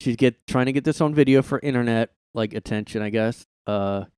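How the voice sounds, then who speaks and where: This solo podcast host talks from his room into a close mic, rambling, cursing and leaning constantly on "like." His mid-range voice is a little fast and a little mellow, with a clean tone on a dry recording.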